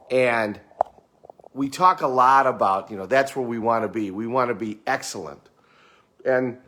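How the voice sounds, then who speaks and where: A man's voice: medium pitch, fairly bright tone. A middle-aged man giving a conversational motivational talk, often repeating words as he goes. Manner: conversational, repeats words, acts out quoted clients. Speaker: motivational speaker.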